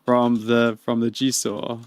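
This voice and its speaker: A man, chatting and laughing through live gaming stream commentary, with excitable outbursts. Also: mid-range voice, slow, clean tone. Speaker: game streamer.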